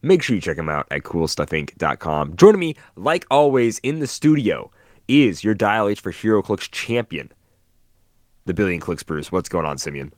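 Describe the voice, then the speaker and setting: A man's voice: low-pitched, very animated, normal speed, no room sound, studio quality. A man hosting a casual hobby podcast, joking and bantering with his co-host.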